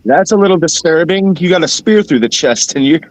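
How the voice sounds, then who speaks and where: A man's voice: fairly high pitch, expressive, brisk, no echo. A man playing a tabletop game, talking loosely and joking with casual swearing. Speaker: player. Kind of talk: casual game-night chat.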